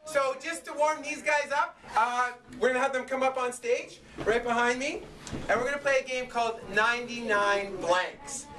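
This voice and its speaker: An improv host working a live theater crowd, chatty and full of fillers and restarts. The voice is caught from far off in an echoey room. There is a steady layer of noise under it. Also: medium pitch, moderate pace. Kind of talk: live stage hosting. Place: small theater stage with audience. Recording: echoey, distant, noisy live recording.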